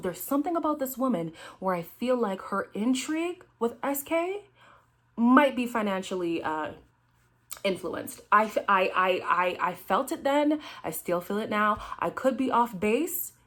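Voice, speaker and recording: A woman with a medium-pitched, slightly bright voice hosts a casual recap. She gives frank reaction commentary, chatting directly with her viewers.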